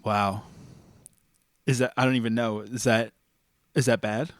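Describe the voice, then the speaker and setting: A man's voice: mid-range voice, fairly even intonation, a little slow, dry recording, clean studio sound. A man hosting a podcast in casual chat, playful and laughing often. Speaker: podcast host.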